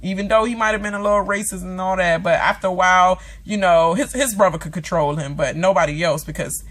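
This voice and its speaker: A woman's voice: fairly low pitch, fast, a bit bright. Woman, vlogger, casual rant, dramatic, profane, chatty, lots of fillers. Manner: dramatic, swears freely, acts out characters; chatty with many fillers and asides. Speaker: vlogger reviewing a TV episode.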